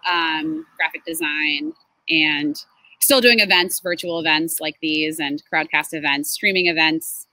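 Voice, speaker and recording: A woman's voice: deep voice, a little slow, sharp tone, no room sound, low-quality recording. A woman in her twenties being interviewed about her design work, chatty and laughing often, with lots of fillers. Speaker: creative and design manager, interviewee. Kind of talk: casual interview.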